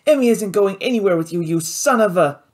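A reader voicing a hot-tempered young male pilot who talks in quick, raised outbursts. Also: medium pitch, lively intonation, pitched above the performer's own voice, close to an everyday voice. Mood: defiant. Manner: angry, pleading, hot-tempered.

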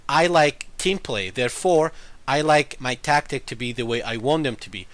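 Recorded dry, a man with a mid-range, fairly bright voice talks at a moderate pace. Chatting casually to viewers about a game, he explains things at length, defends himself, and has an unusual mixed accent that viewers comment on.

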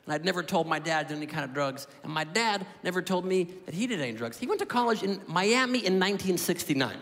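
A man in his thirties doing a stand-up comedy routine, telling a profane, animated story with acted-out dialogue. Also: sits high, fast. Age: 30s. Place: comedy club stage with audience. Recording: live club with long reverb, audience noise.

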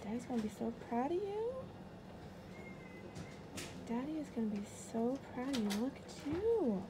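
A woman's voice: on the high side, sing-song, moderate pace, background noise. A woman vlogging at a hospital clinic, talking a child through a procedure in a soothing, repetitive way. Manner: soothing, coaching breaths, repeating herself. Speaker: parent vlogger. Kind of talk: vlog chat and soothing a child.

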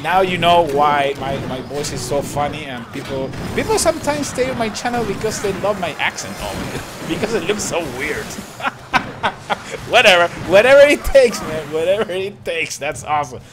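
A young man with a Chilean Spanish accent, a tired but excitable gaming streamer who laughs often and repeats himself while commenting on matches. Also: fairly high pitch, moderate pace, background noise. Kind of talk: live-stream game commentary. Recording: clear background music. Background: music.

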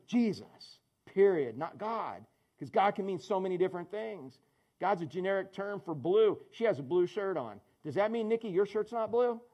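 A man's voice: sits high, animated, moderate pace, dark tone. A man preaching a sermon as pastor, conversational and joking, calling on people in the congregation by name. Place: church in front of a congregation.

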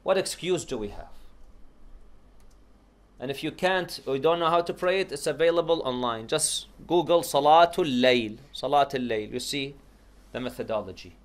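A man giving a religious lecture to a congregation, moving from calm advice into a loud, rising lament. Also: fairly high pitch, normal speed. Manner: moves from calm teaching into loud, rising, tearful chanted lament. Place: lecture hall.

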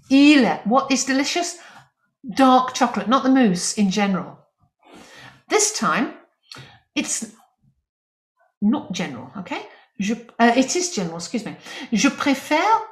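A woman teaching French in an online lesson, explaining grammar with lively emphasis and spoken French examples. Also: a little high, unhurried, roomy sound.

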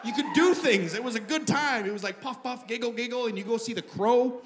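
High-voiced man telling a stand-up story. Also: fairly quick. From Canada. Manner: animated, bursts into shouting. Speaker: stand-up comedian. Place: comedy club stage. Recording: live stage recording with audience noise.

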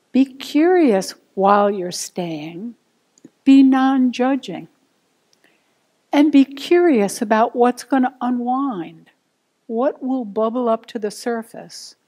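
Woman, meditation teacher, dharma talk, higher voice, very slow. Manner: gentle, unhurried, guiding.

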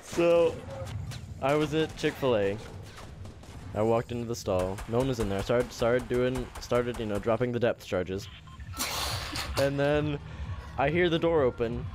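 A man's voice: medium pitch, a little slow, long pauses, noisy background. A young man chatting while gaming, telling a rambling story and breaking into giggles. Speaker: channel host and gamer. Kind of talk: casual gaming chat and storytelling.

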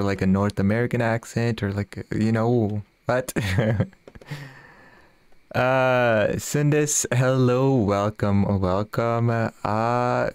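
Streaming a fishing game, a man keeps up easygoing live chat, frequently laughing and reading viewer messages out loud. His voice is medium-pitched and smooth, and the recording is dry.

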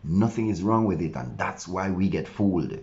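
A male pastor delivers an earnest devotional sermon in a very low, deep voice. He preaches with conviction and sometimes voices his listeners' objections to answer them. The recording sounds dull and lo-fi. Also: expressive, moderate pace, darkish tone.

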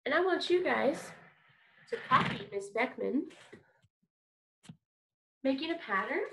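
A woman's voice: sits high, expressive, slow pace, gravelly, pauses often, background noise. A woman teaching an online kindergarten music lesson, upbeat and encouraging, leading call-and-response.

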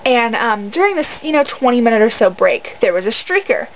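A woman's voice: fairly high pitch, sing-song, fairly quick, slight background noise, rough recording. A woman vlogger tells a story to camera in a rambling, indignant way, with many fillers. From United States. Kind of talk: casual storytelling rant to camera.

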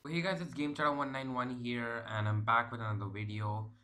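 Male gaming vlogger, mid-pitched voice, ranting, profane, stumbling over his words. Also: steady tone, brisk, sharp tone. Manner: profane, exasperated rant with many restarts. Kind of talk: casual ranting vlog.

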